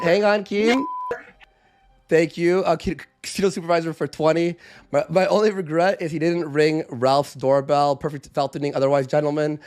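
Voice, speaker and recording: A man casually telling a story on a live stream, animated, acting out what people said with shifting voice and volume. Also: fairly high pitch.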